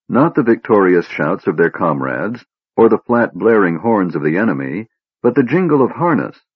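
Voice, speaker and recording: Low, husky male narrator. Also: dry recording, dull audio. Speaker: audiobook narrator. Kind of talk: scripted narration.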